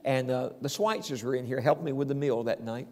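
A man's voice: mid-range voice, fairly quick, a little mellow, long reverb tail. A man preaching a sermon as pastor, telling homespun stories and calling out to the congregation. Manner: folksy storytelling preacher, calls out "Amen?".

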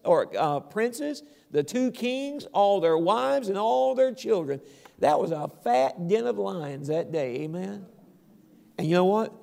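A male preacher delivering a sermon, retelling scripture in an animated way and closing with a quiet prayer. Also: high-pitched, creaky.

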